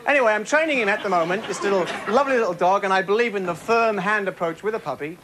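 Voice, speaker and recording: Stand-up man with a high voice, rambling jokes over a loud, noisy live crowd. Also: fast. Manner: rambling, self-interrupting joke telling. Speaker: stand-up comedian. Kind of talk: stand-up routine. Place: comedy club stage with a live audience. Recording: noisy live club recording.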